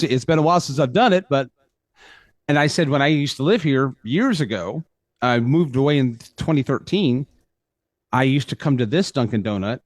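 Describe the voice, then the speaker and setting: A man co-hosting a morning radio show, chatting casually and telling animated stories, quick to protest when teased. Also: a little high, no echo, studio quality. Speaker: radio co-host.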